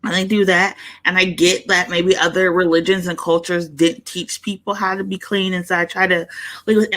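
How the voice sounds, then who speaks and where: Bright-voiced opinionated woman. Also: medium pitch, normal speed. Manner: opinionated, emphatic. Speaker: podcast co-host. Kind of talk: casual podcast chat.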